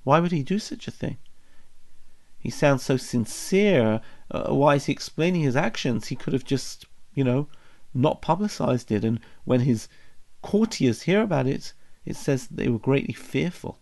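A man's voice: medium pitch, lively intonation, normal speed, creaky, darkish tone. Man teaching a text, reflective and questioning. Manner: reflective, asks many questions. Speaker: Bible teacher. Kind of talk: text study lesson.

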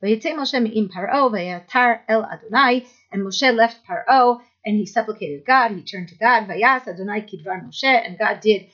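A woman teaching a Bible text lesson, reading verses slowly, then translating and explaining them. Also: medium pitch, fairly bright tone. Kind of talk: text study lecture. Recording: dull lo-fi recording.

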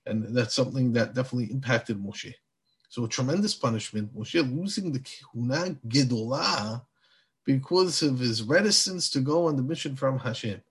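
A man giving a Torah class in a lively, animated way. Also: mid-range voice, normal speed, slightly rough. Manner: animated, acts out biblical dialogue. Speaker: Torah teacher.

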